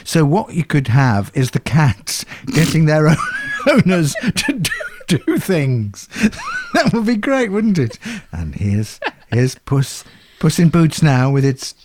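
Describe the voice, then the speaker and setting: A man's voice: fairly high pitch, huge pitch swings, slow, a little mellow, slight background noise. A man, co-hosting a casual chat in a jovial, chatty manner. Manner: jovial, chatty, laughs often. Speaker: co-host.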